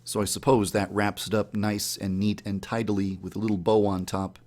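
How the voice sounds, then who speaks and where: A man telling the story of a dream in a casual, animated way, acting out his own startled reactions in a higher voice. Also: fairly quick. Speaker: YouTube channel host.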